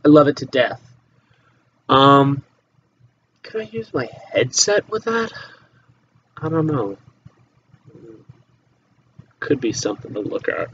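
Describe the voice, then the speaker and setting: A man's voice: mid-range voice, big pitch swings, takes it slowly, long pauses, a bit bright, a little hiss or hum. Rambling teen guy on a dull laptop mic. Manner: rambling, offhand, swears casually, trails off into mutters. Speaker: vlogger. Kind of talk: casual rambling chat to camera. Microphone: laptop microphone.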